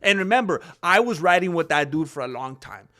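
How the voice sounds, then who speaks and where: A man's voice: a little high, lively intonation, a little fast, sharp tone. A man hosting an MMA commentary vlog, sarcastic and opinionated, acting out both sides of an argument. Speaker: MMA commentary channel host.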